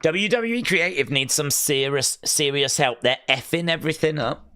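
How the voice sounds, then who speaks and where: A man with a fairly high, bright and forceful voice gives running commentary on a live stream. He reacts excitably to each moment and reads chat messages aloud between his own remarks. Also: moderate pace. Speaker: livestream host.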